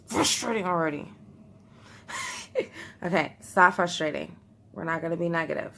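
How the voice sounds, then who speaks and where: Young woman chatting at home, kinda low voice, nervous giggly y'all talk, little hiss behind. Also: lively intonation, moderate pace, creaky, pauses often, fairly bright tone. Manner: chatty, nervous, laughs often, talks to viewers as y'all. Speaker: vlogger. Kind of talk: casual beauty vlog chat.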